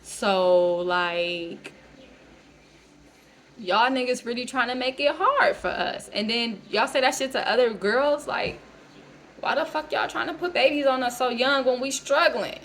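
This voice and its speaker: A woman's voice: on the high side, measured pace, a bit bright, slight background noise. Blunt, profane woman ranting. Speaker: vlogger. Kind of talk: casual rant to camera.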